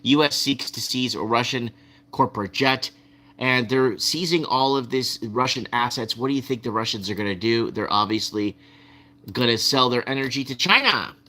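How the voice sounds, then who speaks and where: A man in the middle of his own video, working through viewer comments and news headlines one after another. His voice has a bright, forward edge. He talks to viewers in a loose, rambling way and circles back over his own words. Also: mid-range voice, normal speed. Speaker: video host.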